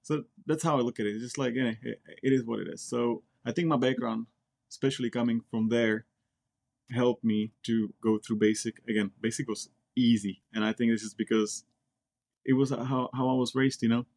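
A man's voice: medium pitch, steady tone, moderate pace, vocal fry, a little mellow. A man from the Republic, speaking bluntly and directly as an interview guest, often repeating words as he talks. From Czech Republic. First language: Czech. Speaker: guest, Air Force member. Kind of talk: casual interview chat.

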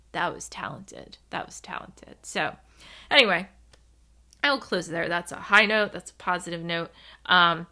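Bright, forceful woman hosting a solo podcast; bouncy, tangent-prone, laughs through awkward moments. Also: lowish voice. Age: adult. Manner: animated, rambling, giggles when uncomfortable. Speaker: podcast host.

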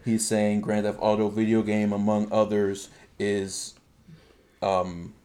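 A man hosting a casual podcast chat, animated and building into exasperated rants. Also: lowish voice, slow. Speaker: podcast host.

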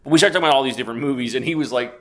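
A man's voice: medium pitch, racing, a bit bright. A man in his fifties, a podcast co-host, telling a rambling story in casual chat and swearing freely. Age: 50s.

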